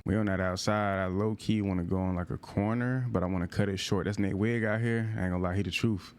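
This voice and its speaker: A man giving casual, slangy gameplay commentary, reacting loudly to plays, his voice going in and out. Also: on the low side, quick pace, few pauses. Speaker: gaming YouTuber.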